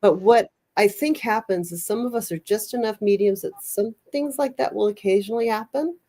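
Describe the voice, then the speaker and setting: A woman's voice: medium pitch, brisk, warm tone. A woman hosting a podcast in casual chat, a rambling storyteller who often restarts her sentences. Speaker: podcast host.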